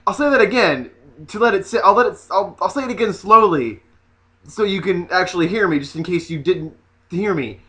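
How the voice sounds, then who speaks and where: Sassy high-voiced man ranting. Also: a little fast. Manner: sassy, animated, mocking asides. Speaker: vlogger. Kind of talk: casual comedic vlog rant.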